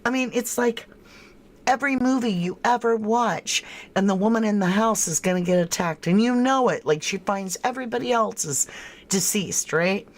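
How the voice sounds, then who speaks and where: A woman's voice: medium pitch, moderate pace. A woman hosting a true crime livestream in casual commentary, thinking aloud and answering viewers' chat comments by name with frank disbelief.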